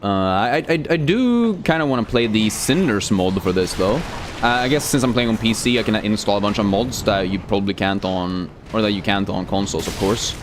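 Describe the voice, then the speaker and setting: A man's voice: lowish voice, noisy background. A young man, chatting casually and cursing as he streams a game and answers chat. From Sweden. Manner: loose and profane, reads chat aloud, many fillers.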